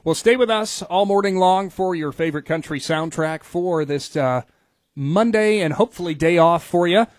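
A man's voice: high-pitched, moderate pace, no room sound, clean studio sound. A man hosting a radio morning show, chatting in an easygoing, upbeat way. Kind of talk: casual radio chat. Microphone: studio microphone.

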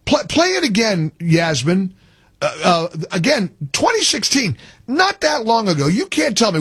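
A man hosting a call-in talk radio show delivers an emphatic monologue in a high, fairly bright, slightly rough voice with huge pitch swings and an unhurried pace. He repeats phrases as he gets worked up and builds his point, and the recording has no room sound.

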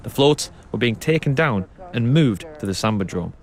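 A man presenting a radio documentary, narrating and describing what he sees in a calm, descriptive way. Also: mid-range voice, moderate pace. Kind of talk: documentary narration and on-site reporting.

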